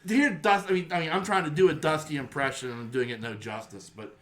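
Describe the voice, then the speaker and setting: A man hosting a podcast in casual chat, rambling excitedly with quick restarts. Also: fairly high pitch, a little hiss or hum. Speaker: podcast host.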